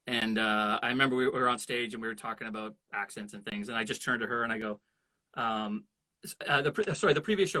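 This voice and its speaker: A man talking casually in an interview, animated and chatty, with a bright, clear tone. He tells anecdotes and keeps jumping into little character voices as he goes. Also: mid-range voice. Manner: animated storyteller who slips into voices. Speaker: voice actor guest.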